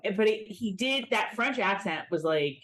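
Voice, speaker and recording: A woman co-hosting a casual recap podcast, chatty and animated, with frequent restarts. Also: medium pitch, moderate pace. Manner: lively, chatty, with frequent restarts and self-mocking impressions. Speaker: podcast co-host.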